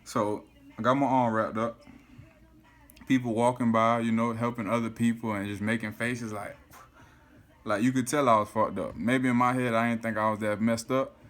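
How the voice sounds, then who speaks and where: Animated man telling a story. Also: medium pitch, moderate pace. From South Florida. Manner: animated, swears often, keeps saying "you feel me". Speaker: vlogger. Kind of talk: casual storytelling to camera.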